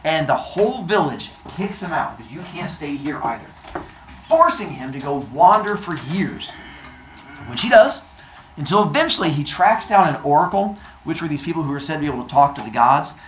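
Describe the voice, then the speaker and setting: A man's voice: on the high side, big pitch swings, fairly quick, fairly bright tone, slight background noise. Man, playful comic storyteller, bouncy delivery, roomy room. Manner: playful, with silly sound effects. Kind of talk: casual comic retelling of a myth.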